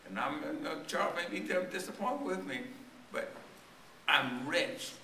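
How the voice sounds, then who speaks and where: Male preacher, voice worn and straining, bright and forceful tone, tells a story in his sermon, church echo, mic far off. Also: a little high, unhurried, a little hiss or hum. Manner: storytelling sermon with call-and-response questions to the congregation. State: voice strained and tiring. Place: church sanctuary. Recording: echoey church recorded from a distance.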